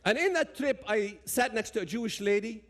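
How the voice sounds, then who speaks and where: A man's voice: sits high, animated, a little fast, fairly bright tone. A man with a Palestinian Arabic accent giving an impassioned talk, addressing the audience directly and emphatically. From Palestinian territories.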